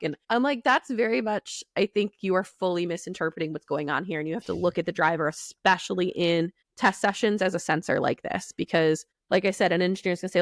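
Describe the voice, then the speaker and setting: Podcast co-host, woman, low voice, animated, quotes people in character, dry close mic. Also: quick pace, hardly any pauses, no echo. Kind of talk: casual technical chat.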